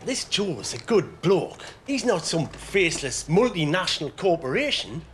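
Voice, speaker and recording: A man's voice: high-pitched, very animated, normal speed, fairly bright tone, slight background noise. An actor playing an earnest, decent working man in a TV drama. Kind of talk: TV drama acting.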